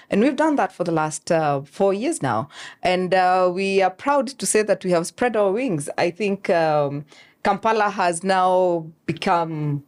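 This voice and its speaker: Woman, talk show guest, animated storytelling, lots of fillers and quoted asides, medium pitch. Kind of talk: conversational interview.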